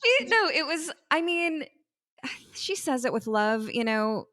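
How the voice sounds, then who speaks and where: A woman hosting a podcast in casual conversation, easygoing and quick to laugh. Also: sits high, animated, a bit bright. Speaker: podcast host. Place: California.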